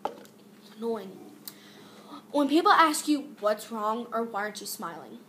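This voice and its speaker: A woman's voice: a little high, sing-song, a little slow, a bit bright, echoey room, slight background noise. A teenage girl vlogging a casual rant about pet peeves, exasperated and rambling with many fillers and restarts.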